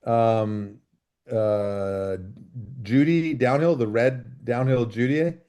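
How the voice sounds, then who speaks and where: A middle-aged man from Canada, a freeride mountain biker telling lively stories as a podcast guest over a video call and acting out the dialogue. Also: mid-range voice, extremely slow. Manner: animated storyteller, acts out quoted dialogue. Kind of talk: casual storytelling interview.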